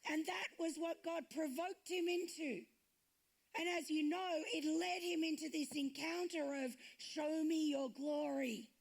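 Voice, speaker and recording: A woman's voice: very high-pitched, a little slow, creaky. A woman pastor preaching a sermon, retelling stories and acting out the quoted lines.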